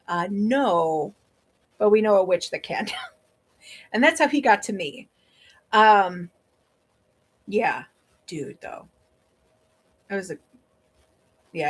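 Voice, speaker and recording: A woman with a Wisconsin accent chatting casually on a livestream as a seller, rambling with many fillers. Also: medium pitch. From Wisconsin, USA.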